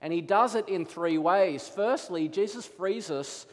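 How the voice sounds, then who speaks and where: A man preaching a sermon as pastor, telling stories with animated delivery and acting out his children's voices. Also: sits high, unhurried. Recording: long hall reverb.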